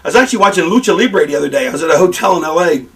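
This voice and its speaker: A man's voice: a little high, racing, distant mic. A man, a pro wrestler, telling candid stories in an interview, rambling and swearing freely. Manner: rambling, profane, animated storytelling.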